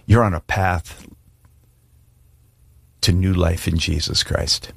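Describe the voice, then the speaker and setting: A man's voice: low-pitched, fairly even intonation, takes it slowly, creaky, slightly rough, dry recording. A middle-aged man preaching a sermon and making an earnest, pleading altar call. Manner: earnest, pleading, shifts from hushed prayer to emphatic. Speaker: pastor.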